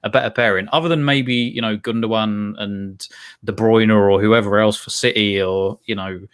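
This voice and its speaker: A man co-hosting a casual football chat, animated and laughing often, restarting his sentences. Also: lowish voice, normal speed, clear, resonant tone. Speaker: football podcast co-host.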